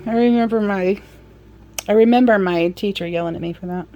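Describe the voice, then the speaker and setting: A sewing instructor talks through her work in a relaxed demo, chatty and slipping in apologetic asides. Her mid-range voice is mellow and a little fast, with faint music playing behind her.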